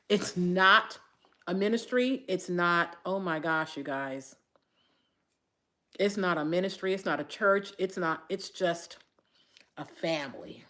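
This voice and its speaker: A woman hosting a casual livestream for her viewers, tearful and crying as she talks, rambling, sighing often and trailing off softly. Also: fairly low pitch. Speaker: livestream host. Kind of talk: casual live chat to viewers.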